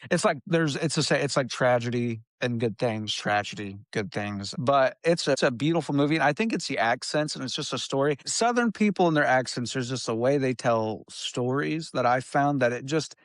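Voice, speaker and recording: A man's voice: mid-range voice, expressive, normal speed, few pauses, no echo, clean studio sound. A man from Indiana co-hosting a podcast in casual chat, rambling and trailing off into restarts as he talks. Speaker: podcast co-host.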